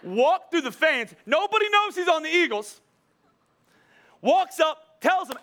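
A man's voice: very high voice, animated, moderate pace, pushed and bright. A middle-aged man preaching a conversational sermon, asking the congregation rhetorical questions as he goes. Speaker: pastor.

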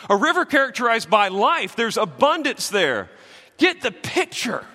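A man preaching a sermon as a pastor, animated and swinging between loud and hushed, with jokey asides. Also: very high-pitched, normal speed, long reverb tail.

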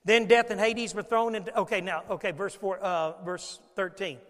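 A man's voice: sits high, steady tone, normal speed, fairly bright tone. A man preaching a sermon, telling stories and asking his listeners questions as he goes. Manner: storytelling preacher, acts out scenes and asks the congregation questions. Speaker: pastor. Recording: long hall reverb.

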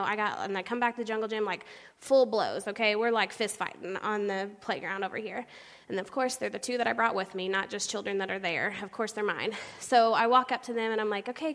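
A young woman giving a personal testimony to a church congregation, animated and storytelling, acting out the people she quotes. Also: medium pitch, fast. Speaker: church speaker sharing her testimony. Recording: long hall reverb.

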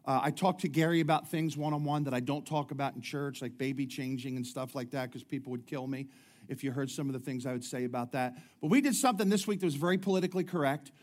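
A man's voice: mid-range voice, fast talker, darkish tone. A middle-aged man preaching a sermon, talking in a chatty way with jokes and many restarts. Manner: conversational preaching with humorous asides and frequent restarts. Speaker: pastor.

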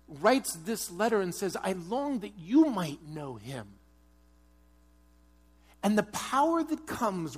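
A pastor preaching a sermon, earnest, moving between strong urging and quiet, hushed prayer. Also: male voice, sits high. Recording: long hall reverb.

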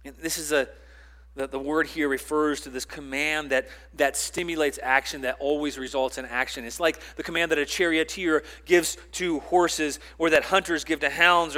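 Higher-pitched man preaching an emphatic sermon. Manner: emphatic, swings from loud to quiet; repeats words and restarts phrases. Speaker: pastor.

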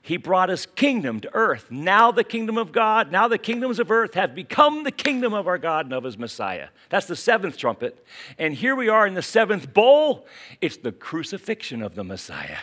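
A man with a West Virginia accent preaching a sermon, dropping to quiet asides and then rising to urgent, emphatic calls. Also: high-pitched, huge pitch swings, moderate pace. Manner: dramatic swings from hushed asides to urgent exclamations. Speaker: pastor.

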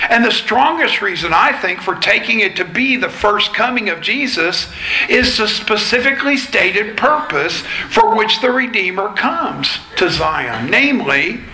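A pastor delivers an expository sermon to his congregation at an unhurried pace, explaining each point with care. He has a fairly high, very bright voice. The sound is roomy and echoey, as in a church sanctuary, with faint ambience behind him. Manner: measured, explanatory teaching.

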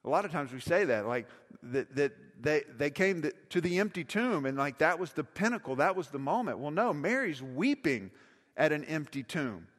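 A middle-aged man delivers a sermon in a fairly high voice. He talks to the congregation like a friend and says key phrases twice for weight. His voice rings out with the long reverb of a big hall. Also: sing-song, moderate pace, fairly bright tone. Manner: conversational preaching with repeated phrases for emphasis. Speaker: pastor.

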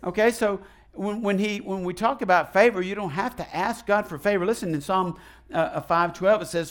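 Animated male pastor preaching. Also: high-pitched, normal speed. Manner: animated, asks the congregation questions and leads call and response; folksy, retells the story in his own casual words. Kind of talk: sermon.

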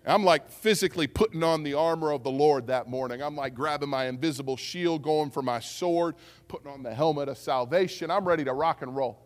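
Animated man preaching in a reverberant hall. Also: fairly high pitch, brisk. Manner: animated storytelling, acts out voices. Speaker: pastor. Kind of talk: sermon. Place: church sanctuary. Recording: long reverb of a church hall.

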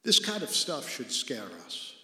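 Male pastor, slow deliberate sermon delivery, earnest with hushed emphasis, long hall reverb. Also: mid-range voice, sing-song. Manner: earnest preaching, dropping to a hush for emphasis.

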